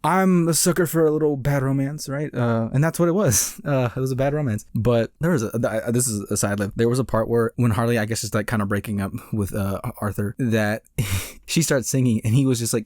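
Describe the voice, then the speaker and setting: A man talks through a movie review at a rapid clip. His tone is warm and mellow, and the sound is dry and close. He rambles loosely, stacking up fillers and restarting sentences. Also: mid-range voice, dry recording. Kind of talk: casual movie review talk.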